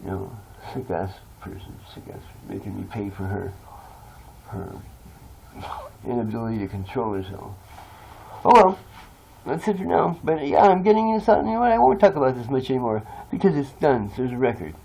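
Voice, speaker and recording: A man's voice: mid-range voice, animated, a little fast, creaky, warm tone, husky, low-quality recording. A man talking in a rambling, confessional monologue, blunt and swearing freely. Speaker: vlogger.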